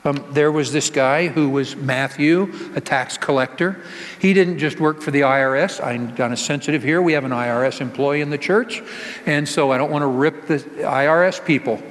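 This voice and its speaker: A man's voice: fairly high pitch, moderate pace. A male pastor giving a conversational sermon, asking the congregation rhetorical questions and joking with them. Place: church sanctuary. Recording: long reverb of a church hall.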